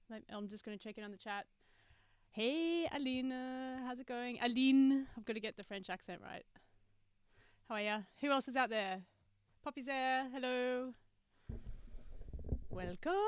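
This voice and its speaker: A woman's voice: high-pitched, a bit bright, clear, resonant tone, no echo. A woman hosting a livestream masterclass from a studio with a mixing desk, talking casually to viewers and greeting them by name, with many fillers. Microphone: webcam and computer mic on a video stream.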